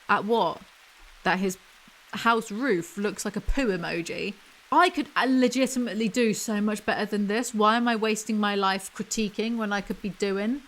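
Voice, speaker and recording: A woman reading a picture book aloud as ASMR commentary, with mocking, deadpan asides. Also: medium pitch, moderate pace, poor audio.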